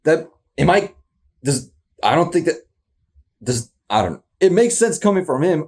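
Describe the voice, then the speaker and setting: Animated man rambling through a reaction. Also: fairly high pitch, measured pace. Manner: rambling, incredulous, laughs often. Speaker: reaction video host. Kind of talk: casual reaction commentary.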